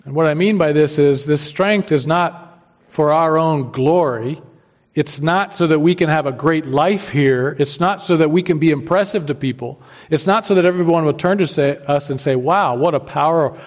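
A man preaching a sermon as pastor, emphatic and using homely everyday analogies. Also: fairly high pitch. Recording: dull lo-fi sermon recording.

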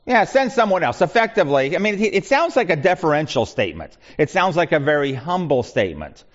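A man's voice: fairly high pitch, big pitch swings, fairly quick. A man leading a Bible study, talking conversationally with frequent restarts and asides. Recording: muffled lo-fi recording.

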